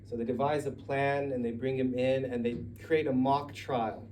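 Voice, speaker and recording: A man's voice: medium pitch, level tone, moderate pace, a little mellow, recorded from a distance, a little hiss or hum, poor audio. A Mexican American man telling a story at a live story night in a conversational, digressive way, with laughing asides. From United States.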